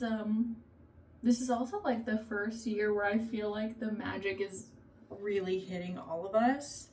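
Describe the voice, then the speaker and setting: Recorded from a distance, a woman in her thirties with three children talks casually to camera about her family, bringing quoted lines to life. Her pitch runs a little high.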